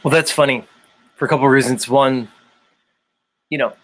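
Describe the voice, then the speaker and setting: A man's voice: mid-range voice, fairly even intonation, moderate pace, a bit bright. A man hosting his own online show, chatting loosely and rambling with lots of fillers. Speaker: show host. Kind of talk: casual livestream chat.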